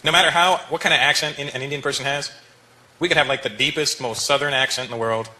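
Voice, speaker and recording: A man doing stand-up comedy, animated and laughing often as he talks straight to the audience. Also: mid-range voice, fast talker. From Canada. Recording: live club with loud crowd and noise.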